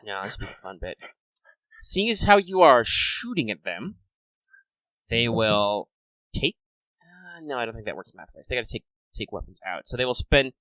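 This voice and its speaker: A man serving as game master for a tabletop game, patiently walking players through dice and damage rules. His voice is bright and forward, with a mid-range pitch, and the recording sounds dry and close. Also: big pitch swings, normal speed, no echo, low-quality recording. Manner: explains rules with frequent ums and restarts.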